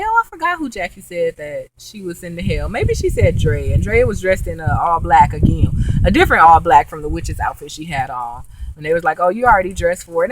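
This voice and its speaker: A young woman casually recapping a reality show episode, animated and gossipy, with quick asides. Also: lowish voice, no room sound, low-quality recording. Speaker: vlogger reviewing a reality show.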